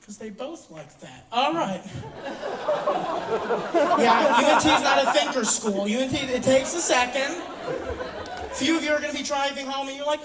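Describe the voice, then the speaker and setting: A young man doing a stand-up set in a university theater, brash and swearing, with sudden loud outbursts. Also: extremely high pitch, moderate pace, long pauses, a loud crowd. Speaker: stand-up comedian. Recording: roomy theater, distant mic, audience laughter.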